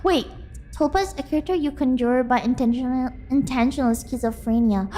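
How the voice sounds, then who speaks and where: Casting: high-pitched woman, excitable stream chat, soft music bed. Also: unhurried. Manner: excitable, bursts into squealing and laughter. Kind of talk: casual chat with viewers. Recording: faint music in the background.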